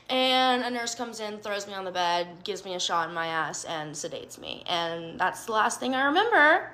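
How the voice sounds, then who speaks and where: Young woman from Alabama, bright sharp voice, animated profane storyteller, casual chat. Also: medium pitch, moderate pace, few pauses. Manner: profane, animated, self-mocking.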